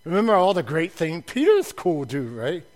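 A man preaching a sermon from the pulpit, swinging from soft asides to loud, emphatic declarations. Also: fairly high pitch, wildly swooping pitch, normal speed. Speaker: pastor.

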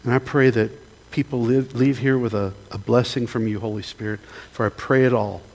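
A man leads a sermon as pastor, reading scripture and praying aloud. His voice sits at an ordinary middle pitch, gentle and unhurried. He pauses often and invites the listeners to join in. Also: fairly even intonation. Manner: gentle, pausing, invites the congregation to respond.

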